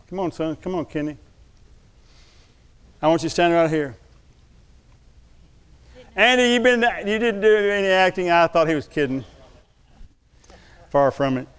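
High, clear-voiced man preaching a sermon. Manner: lively preaching, dips to quiet asides then calls out loud. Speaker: pastor. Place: church sanctuary.

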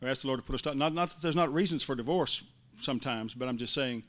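A middle-aged man preaching, telling a folksy personal story from the pulpit with restarts and warm asides. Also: medium pitch, quick pace. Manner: folksy, building to excited shouts. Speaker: pastor. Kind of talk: sermon storytelling.

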